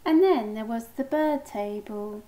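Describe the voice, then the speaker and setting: Slow, gentle woman reading a storybook. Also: on the high side, reverberant, poor audio. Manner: slow, gentle, voicing characters. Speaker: storybook reader. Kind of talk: reading a picture book aloud.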